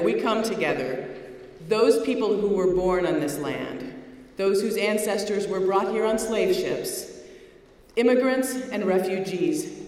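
A woman's voice: medium pitch, long reverb tail. Earnest woman giving a rally speech. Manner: earnest, rhythmic lists. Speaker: community speaker at a rally.

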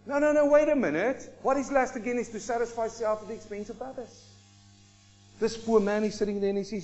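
Male preacher, high and animated, acts things out mid-sermon, church recording a bit muffled. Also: soft background music. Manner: animated, acts out everyday people in quick asides. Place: church congregation hall.

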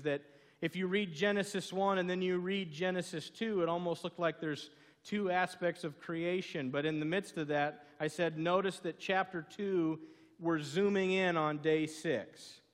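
A man with a Southern American accent preaching a sermon as a pastor, telling stories and asking the congregation questions. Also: a little high. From southern United States. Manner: storytelling, conversational, asks the congregation questions. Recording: long hall reverb.

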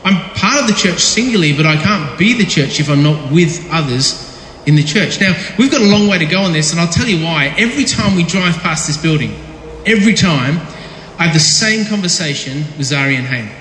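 High-voiced man preaching in echoey hall. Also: expressive, a little fast, fairly bright tone, a little hiss or hum. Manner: conversational, jokey, repeats words when restarting. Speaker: pastor. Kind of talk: casual sermon with audience interaction. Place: large echoey church hall. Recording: echoey hall with long reverb.

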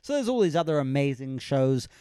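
A young man hosting a podcast in casual chat, playful and quick to laugh. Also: mid-range voice, sing-song, dark tone, clean tone, no room sound, studio quality. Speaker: podcast host.

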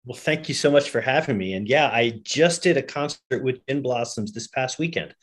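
A man from Connecticut, a lawyer and singer, speaking as a relaxed, polite podcast guest. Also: medium pitch, moderate pace. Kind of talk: casual interview.

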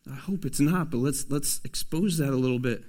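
A man preaching a sermon as a pastor, swinging from loud, emphatic pushes to soft, hushed asides. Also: mid-range voice, a little fast.

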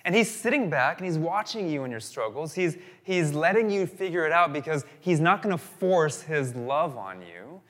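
Bright-voiced pastor preaching animatedly. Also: male voice, fairly high pitch, normal speed, few pauses. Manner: animated storytelling, repetitive phrasing. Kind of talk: sermon.

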